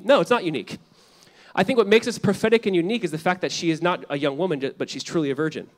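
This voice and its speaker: A pastor preaches a sermon in a high-sitting male voice, very fast, animated and conversational. He alternates loud emphatic lines with hushed ones, peppered with casual fillers and wry asides.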